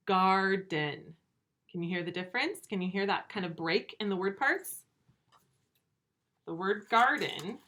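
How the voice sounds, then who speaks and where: A woman teaching first graders in a recorded video lesson, speaking slowly and clearly, stretching words out and asking patient, encouraging questions. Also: medium pitch, bright, forceful tone, a little hiss or hum. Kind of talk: remote video lesson for young children.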